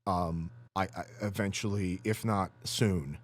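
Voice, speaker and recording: A middle-aged man, a guest on a podcast, talking in an animated way, often restarting his sentences. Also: sits low, a little slow. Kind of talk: casual chat.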